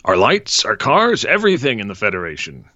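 A man's voice: on the low side, huge pitch swings, brisk, bright, forceful tone, no echo, muffled recording, exaggerated voice. A man reading aloud and voicing a boastful, pushy middle-aged father in a storybook excerpt. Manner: pushy, complaining.

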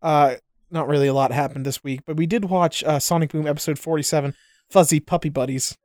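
A man's voice: on the high side, steady tone, fairly quick, a little mellow, no echo, clean studio sound. A man co-hosting a podcast, chatting loosely about cartoons with swearing and jokes. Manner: loose, profane, jokey banter. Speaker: podcast co-host. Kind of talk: casual chat.

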